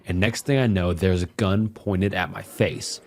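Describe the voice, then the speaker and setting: A man acts out a drunk, violent husband with a lowish voice. He rambles crudely, swears freely and boasts in self-pity. Faint music sits under the telling. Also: steady tone, measured pace. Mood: bitter, rambling. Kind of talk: horror story narration.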